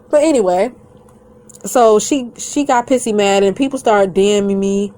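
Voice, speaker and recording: A woman vlogger rants straight at her audience in a mid-pitched voice. She is blunt, defiant and profane, rambling from one complaint to the next in a loose, conversational way. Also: moderate pace, mellow. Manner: blunt and defiant, swears constantly, breaks into laughter; rambling and conversational, addresses viewers directly. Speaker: YouTuber. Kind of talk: profane rant to camera.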